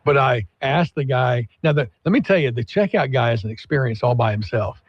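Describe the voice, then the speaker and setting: A man's voice: medium pitch, fairly quick, breathy edge, no room sound. A man co-hosting a talk radio show, chatting casually and telling stories with laughs and acted-out voices. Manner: storytelling, laughs often, acts out quoted people. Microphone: studio microphone. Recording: slightly dull, dry studio broadcast audio.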